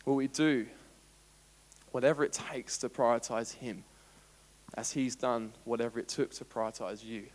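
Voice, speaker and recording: An Australian man preaching a sermon as pastor, animated and playful, acting out everyday scenes. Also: medium pitch, normal speed. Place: church auditorium. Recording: long church hall reverb.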